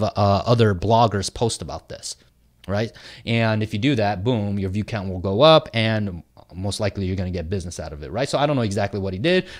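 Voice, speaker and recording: A man giving an informal talk on marketing, thinking out loud as he reads and reacts to posts from his group. His delivery is loose and conversational, full of fillers and quick "right?" and "okay?" check-ins with the listener. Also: lowish voice. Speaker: host of a marketing group video. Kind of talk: casual talk, reading posts aloud and commenting.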